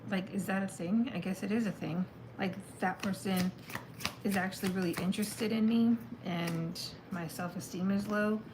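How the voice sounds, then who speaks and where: A woman's voice: medium pitch, steady tone, normal speed, background noise. A woman giving a casual live tarot reading, chatty and thinking aloud as she exclaims over the cards. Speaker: tarot reader.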